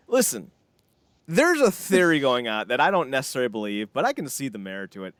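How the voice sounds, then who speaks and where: A man co-hosting a casual wrestling podcast, ranting in an animated, sarcastic way with frequent swearing. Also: mid-range voice, brisk, no echo. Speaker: podcast co-host.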